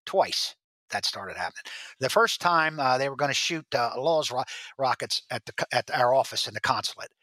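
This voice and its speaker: A man as the podcast guest, telling rambling stories with halting restarts. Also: medium pitch, expressive, pushed and bright, no echo. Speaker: guest, former drug agent. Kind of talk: storytelling interview.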